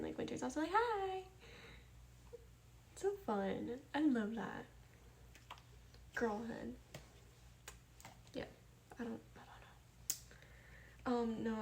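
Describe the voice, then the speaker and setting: Soft-spoken young woman streamer. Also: a little high. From American Midwest. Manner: soft-spoken, greets viewers by name, reads chat messages aloud. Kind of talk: casual chat with chat readers.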